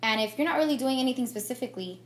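A woman's voice: sits high, expressive, rapid-fire. Young woman, casual makeup vlog, candid and rambling, fillers and restarts, camera mic at home, faint hum behind. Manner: candid, chatty and reflective, with many fillers and restarts. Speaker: beauty vlogger. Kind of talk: get-ready-with-me chat. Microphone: camera mic on a tripod.

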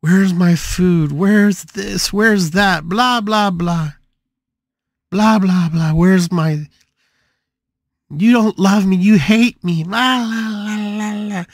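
A man voicing a sick, bedridden grown daughter who rants and makes whiny, shrill demands. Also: slow, dry recording, clean studio sound, exaggerated voice. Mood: ranting.

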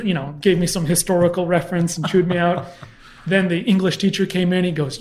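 A man's voice: on the high side, quick pace. A man telling a story in a casual interview, bringing it to life by acting out other people's voices. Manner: animated anecdote with mimicked voices. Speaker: guest, comedy historian.

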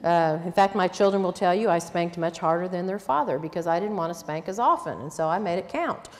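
A woman's voice: lowish voice, brisk, darkish tone. An older woman teaching a conference sermon on parenting, earnest and plain-spoken, with quoted asides. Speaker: conference speaker. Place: church conference hall. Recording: long reverb in a hall.

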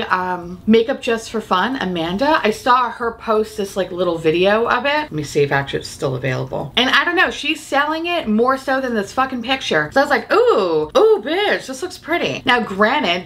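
Woman, beauty vlogger, casual makeup chat, bright voice, lively swinging pitch, giggly, swears a lot. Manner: profane, giggly, animated and opinionated. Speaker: beauty YouTuber.

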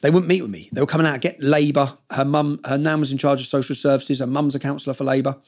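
Fast-talking man telling a story. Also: mid-range voice, steady tone. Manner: emphatic, rapid storytelling with frequent "yeah?" tag questions. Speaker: podcast guest. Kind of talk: storytelling in a casual interview.

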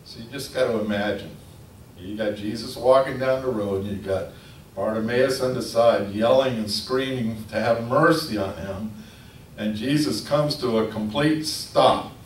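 A man preaching a sermon, telling the story in a lively storytelling manner. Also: mid-range voice. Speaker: pastor. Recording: echoey room from a distance, faint noise.

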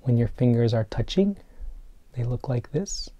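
A man teaching preschool children remotely, explaining step by step in a gentle, playful way. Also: mid-range voice, animated, a little slow. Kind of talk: remote lesson for young children.

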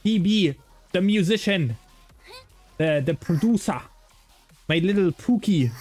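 A man's voice: sits high, lively intonation, unhurried, a little mellow, soft background music. A man with a slight German accent, a native German speaker, streaming a game and bantering with chat in a playful, rambling way. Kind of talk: casual gaming livestream chat.

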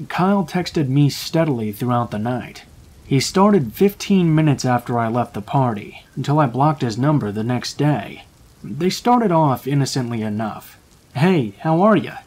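A man reading a true scary story aloud in a calm, measured storytelling voice. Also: mid-range voice, slightly rough. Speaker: narrator. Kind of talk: scripted horror story narration.

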